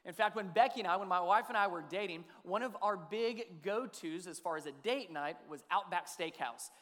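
A man's voice: high voice, normal speed, a bit bright, in a large hall. A man in his thirties preaching a sermon as pastor, chatty and conversational, often asking his listeners questions. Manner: conversational, asks the audience questions.

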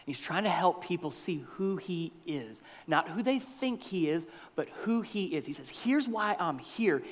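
A man preaching a sermon as pastor, swinging between loud bursts and near-whispers. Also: fairly high pitch, moderate pace, big-room sound. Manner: animated preaching with big swings in loudness, dropping to near-whispers.

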